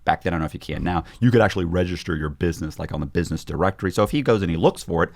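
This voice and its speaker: A man telling a story as a podcast guest in a casual, animated way, acting out other people's lines. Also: low-pitched, racing, vocal fry, no echo, studio quality.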